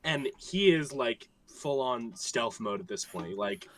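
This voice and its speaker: A man playing in a tabletop game, describing his character's actions in a relaxed, amused, rambling way. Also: medium pitch, takes it slowly, no echo. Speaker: player.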